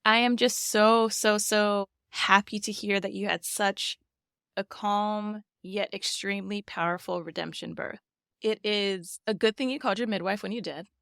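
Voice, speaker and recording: A woman's voice: mid-range voice, steady tone, normal speed, gravelly, fairly bright tone, clear, resonant tone, no room sound, clean studio sound. A woman hosting a podcast, reacting to a guest's story in casual, affirming chat. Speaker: podcast host.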